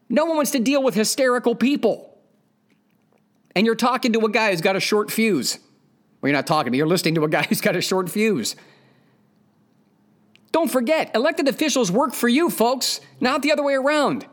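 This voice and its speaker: A man's voice: sits high, lively intonation, normal speed. A man hosting a podcast, delivering a blunt, profane, opinionated monologue with emphatic repetition of his points. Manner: emphatic, repeats key points. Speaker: podcast host.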